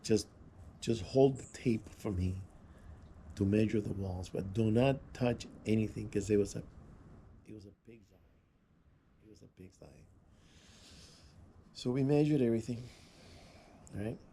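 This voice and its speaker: A man's voice: on the low side, moderate pace, long pauses, warm tone, a little hiss or hum. A man vlogging, telling rambling anecdotes in a casual way, with restarts and chuckles. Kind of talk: casual storytelling.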